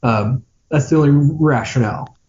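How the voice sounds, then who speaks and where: A man co-hosting a podcast, chatting casually about a film in a sardonic, dismissive way that trails off into low grumbles. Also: moderate pace, dark tone, dull audio. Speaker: podcast co-host. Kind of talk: casual movie-review chat.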